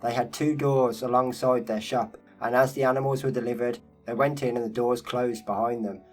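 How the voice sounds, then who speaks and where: Male narrator, mid-pitched, steady measured storytelling read, faint guitar bed underneath. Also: low-quality recording. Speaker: narrator reading a first-person memoir interview. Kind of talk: scripted narration.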